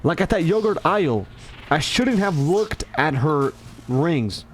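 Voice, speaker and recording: A man rambling in casual commentary, animated and self-mocking. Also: fairly high pitch, unhurried, slight background noise. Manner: animated, self-mocking, acts out his own lines. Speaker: gaming commentator.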